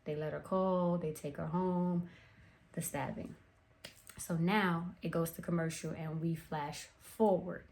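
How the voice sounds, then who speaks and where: A woman's voice: lowish voice, steady tone, a little slow, a little mellow. A woman hosting a true crime movie recap, retelling the plot in a chatty, casual way with wry personal asides.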